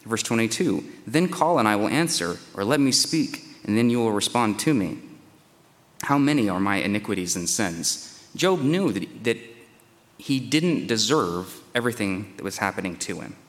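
A man's voice: on the low side, animated, normal speed. A man preaching through scripture, reading verses and acting out the speaker's pleas in a raised, dramatic voice. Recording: long hall reverb.

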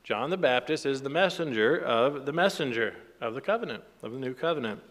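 A man's voice: mid-range voice, animated, fairly quick, fairly bright tone, in a large hall. A man teaching a sermon from the Bible, reading scripture aloud with rising emphasis and then explaining it plainly. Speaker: preacher.

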